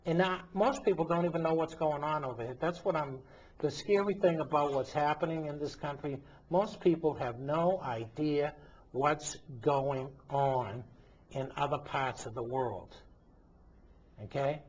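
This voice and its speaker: Husky, indignant priest on a lo-fi recording. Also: male voice, fairly high pitch, measured pace, darkish tone. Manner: emphatic, indignant, full of rhetorical questions. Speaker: priest and talk show host. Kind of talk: impassioned commentary monologue. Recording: dull lo-fi recording.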